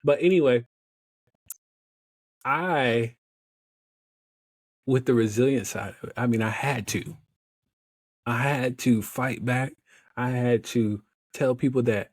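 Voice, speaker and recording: A young adult man telling a story as a podcast guest, animated and laughing often, acting out the other voices in his story. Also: mid-range voice, slow, long pauses, dry recording, clean studio sound. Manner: animated, laughs often, acts out quoted dialogue. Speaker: podcast guest, motivational speaker. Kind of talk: casual storytelling in an interview.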